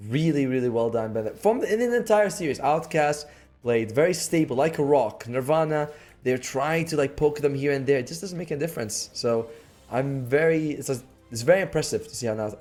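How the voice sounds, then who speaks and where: A man giving relaxed, joking color commentary on an esports match. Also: medium pitch. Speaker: esports co-caster.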